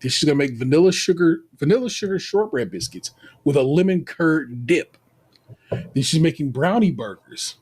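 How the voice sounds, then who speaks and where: A little high and breathy-edged, his voice moves at a moderate pace. He's an American co-host recapping a baking show on a podcast, playful and animated, with slang that leans Southern, "y'all" among it.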